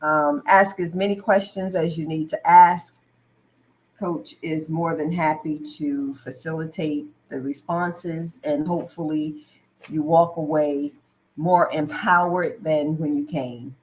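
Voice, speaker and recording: Low-voiced lady hosting a live online show, slow, lots of ums, says hi to folks as they join. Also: steady tone, a little hiss or hum, rough recording. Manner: friendly, filler-heavy, greets viewers mid-sentence. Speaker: host.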